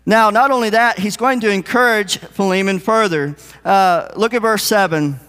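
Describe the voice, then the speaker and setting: This is a man with a strikingly high-pitched voice delivering a sermon. He talks to his congregation in an earnest, conversational manner. His words echo with a long reverb through a church sanctuary. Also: normal speed, few pauses, a bit bright, smooth. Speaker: preacher.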